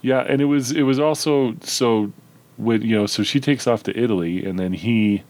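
A man's voice: medium pitch, normal speed, darkish tone. A man co-hosting a podcast, chatting about a film in an easygoing way with many agreeing fillers. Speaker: podcast co-host. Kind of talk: casual chat about a film.

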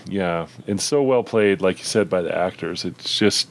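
A man with a low voice co-hosts a podcast and chats casually about a film. He is easygoing and agrees often with short fillers. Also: normal speed. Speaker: podcast co-host.

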